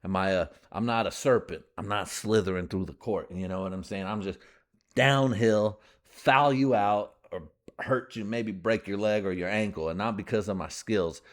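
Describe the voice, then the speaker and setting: Podcast host, man, 30s, lowish voice, loose profane rambler who laughs through his own jokes. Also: normal speed. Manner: rambling, joking, laughs often, swears a lot; breaks into put-on voices for bits. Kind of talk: crude casual monologue.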